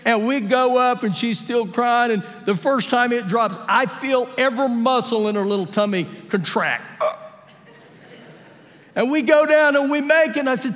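A male pastor preaching a sermon during a live church service, telling animated, humorous stories and acting out the voices in them. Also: very high-pitched, normal speed. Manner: animated storytelling, acts out quotes with humor. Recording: live church audio with long hall reverb.

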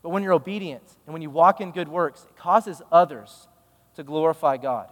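Male pastor, conversational sermon, emphatic storytelling, slightly high voice, reverberant church hall. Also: moderate pace.

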